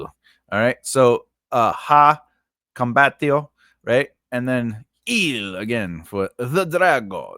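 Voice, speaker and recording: A writing teacher gives a casual, rambling lesson on building grammar for invented languages, correcting himself and often checking in with "right?". His mid-range voice is bright and forceful, recorded in studio quality without echo.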